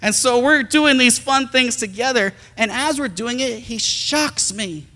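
High bright-voiced male pastor preaching. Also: a little slow, in a large hall. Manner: animated, swings between loud emphasis and soft intimacy. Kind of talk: sermon.

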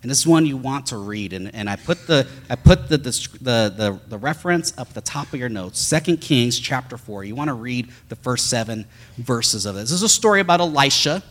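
A man's voice: medium pitch, lively intonation, brisk, fairly bright tone. A man preaching a sermon, telling a story in a conversational way with frequent restarts.

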